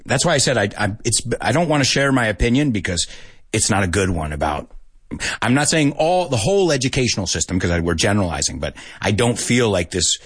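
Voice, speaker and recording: A man of middling pitch hosts an easygoing talk, hopping between English and Spanish. His delivery swings widely in pitch, with a slightly husky grain, and he chuckles often. The sound is dry and close. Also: very animated, brisk, no room sound. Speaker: podcast host teaching Spanish speakers English. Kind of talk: casual bilingual chat.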